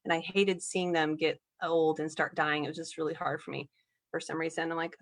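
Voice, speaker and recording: A young woman guest on a podcast, talking earnestly and laughing softly as she tells her story. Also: sits low, little pitch movement, brisk. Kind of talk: casual podcast conversation.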